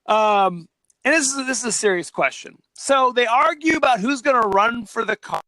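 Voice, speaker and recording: Bright, high-voiced animated man. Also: normal speed, dry recording. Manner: animated, jokey, recaps the plot with quoted asides. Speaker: podcast co-host. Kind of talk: casual movie-review chat.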